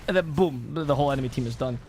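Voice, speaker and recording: A man commentating in casual panel chat, animated and opinionated, speaking over faint background noise. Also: mid-range voice, rapid-fire. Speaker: esports commentator.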